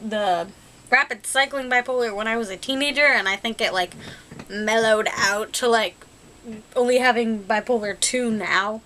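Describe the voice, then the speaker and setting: A young woman vlogger chats casually about personal things, rambling with plenty of fillers and giggling at herself in a self-deprecating way. Her voice is fairly high, bright, and forceful.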